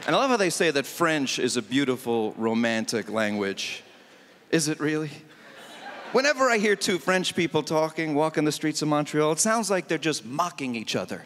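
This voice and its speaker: Bright, lively stand-up comedian man. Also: fairly high pitch, normal speed, big-room sound, a little hiss or hum. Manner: animated, punchy, mock-exasperated. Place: comedy festival stage, Montreal.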